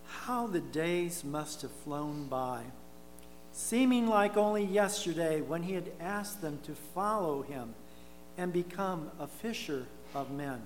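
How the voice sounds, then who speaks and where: A man's voice: sits high, a little hiss or hum, poor audio. A man narrating a church drama in an emphatic storytelling manner. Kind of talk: scripted narration.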